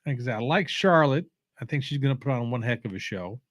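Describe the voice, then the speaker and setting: A man's voice: medium pitch, animated, no echo, clean studio sound. Sleepy, opinionated man rambling casually. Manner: opinionated, halting, many fillers and restarts. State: sleepy, yawning. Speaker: watch-along host.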